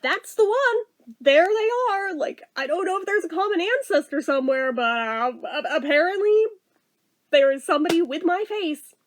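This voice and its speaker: Chatty high-voiced woman telling a story. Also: expressive, moderate pace. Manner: chatty, exasperated, swears and laughs often. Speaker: vlogger. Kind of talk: casual storytelling.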